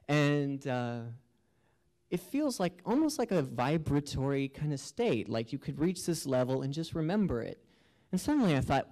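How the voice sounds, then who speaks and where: A man's voice: fairly high pitch, big pitch swings, normal speed, darkish tone, rough recording. A man performing an earnest first-person storytelling monologue with a sense of wonder. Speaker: spoken-word performer.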